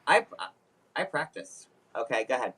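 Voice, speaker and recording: A man's voice: medium pitch, sing-song, normal speed, sharp tone, husky. A man hosting a casual recap chat, who makes joking, self-mocking asides. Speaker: show host.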